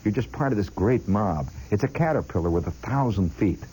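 Here a man speaks fairly low and expressively, a little fast, with a warm, breathy tone over poor audio. He's chatting straight to the listener through a long story from his own life. Along the way he mimics sounds vocally.

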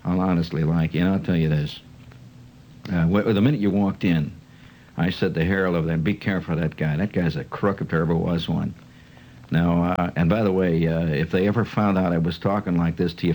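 Guy doing a shady car salesman, husky, low, all hush-hush sales talk. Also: poor audio. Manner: wheedling, conspiratorial sales patter. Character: sly fast-talking male car salesman, confiding.

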